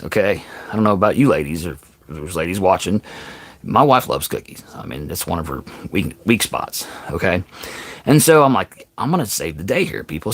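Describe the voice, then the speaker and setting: A man's voice: sits low, no room sound. A man vlogging a funny story in a casual way, often stopping to ask the audience "okay?" and adding self-mocking asides. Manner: animated, keeps addressing the audience with "okay?" and "people"; self-deprecating, exaggerated asides.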